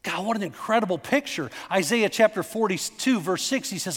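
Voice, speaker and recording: In a hall with long reverb, a middle-aged man delivers a sermon in a high, expressive, brisk voice. His preaching is conversational yet emphatic, punctuated by asides and questions aimed at the congregation.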